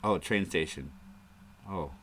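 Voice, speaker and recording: A man's voice: low voice, takes it slowly, fairly bright tone, a little hiss or hum. A man hosting a live stream, rambling casually in a crude, joking way. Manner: rambling and crude, prone to chuckling asides.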